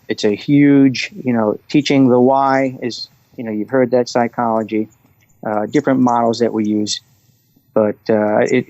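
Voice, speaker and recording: A middle-aged man talking as a guest on a podcast, telling anecdotes and getting animated when he quotes people. His voice comes through slightly dull and dry, with no room sound around it. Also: medium pitch, dry recording. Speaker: guest, restaurant executive and coach. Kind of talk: conversational interview.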